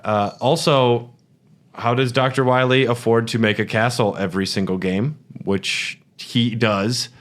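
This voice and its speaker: A man's voice: medium pitch, fairly even intonation, unhurried, a bit bright. A man co-hosting a podcast in casual chat, rambling and hesitant with frequent restarts. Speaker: podcast co-host.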